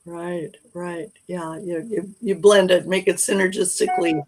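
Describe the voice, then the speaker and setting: A podcast host interviewing a guest in a casual chat, encouraging her with frequent short affirmations and soft asides. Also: medium pitch, fairly even intonation, unhurried, rough recording.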